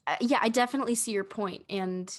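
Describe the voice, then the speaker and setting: A woman's voice: fairly high pitch, fast. A young woman co-hosting a casual comedic podcast, dry and teasing as she gives advice. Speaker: podcast co-host.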